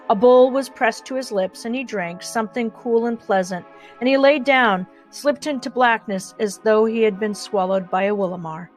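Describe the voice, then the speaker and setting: A woman narrating a children's novel in a gentle, measured way. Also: fairly high pitch, faint music behind. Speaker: audiobook narrator. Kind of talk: audiobook narration.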